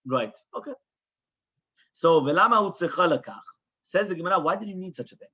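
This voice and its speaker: A man's voice: high-pitched, animated, brisk, sharp tone, slightly rough, lo-fi sound. A man teaching a Talmud class as a rabbi, explaining the text with lots of rhetorical questions and quoted Hebrew and Aramaic.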